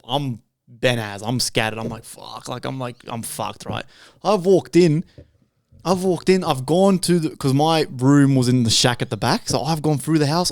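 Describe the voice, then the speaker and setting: A man's voice: on the high side, no room sound, studio quality. A young man telling rambling, swear-filled stories on a casual podcast. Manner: rambling storyteller, heavy swearing. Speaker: podcast co-host.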